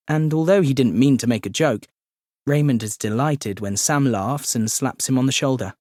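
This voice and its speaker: A man's voice: medium pitch, a little mellow, no room sound. Man narrating an audiobook, dry close sound. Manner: measured, descriptive. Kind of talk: scripted narration.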